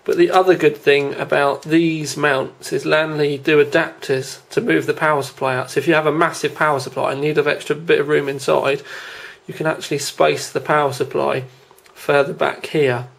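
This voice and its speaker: Male tech host, chatty, slightly high voice, casual review in an indoor room. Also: level tone, moderate pace, vocal fry. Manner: chatty, informal, talks while handling the case. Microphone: handheld camera.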